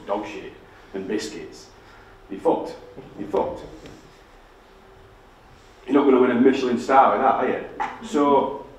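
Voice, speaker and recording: In a big lecture hall, a Barnsley man with a Yorkshire accent gives a public talk as a guest speaker, full of frank, profane storytelling. The mic is distant, catching his lowish voice with echo and slight background noise.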